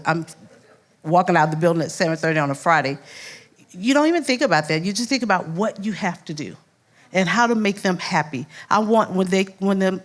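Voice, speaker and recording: An older woman from Louisiana with a Southern accent, a first-grade teacher giving a heartfelt speech and acting out her students' voices as she tells stories. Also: lowish voice. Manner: animated storyteller, acts out voices, laughs often. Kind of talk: heartfelt speech at an awards event.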